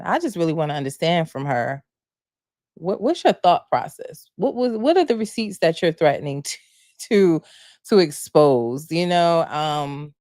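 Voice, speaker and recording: Woman with spilling reality tv tea on her live show, lowish voice, dry close sound. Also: no room sound. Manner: animated, gossipy, rhetorical questions. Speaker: podcast host. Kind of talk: casual live recap chat.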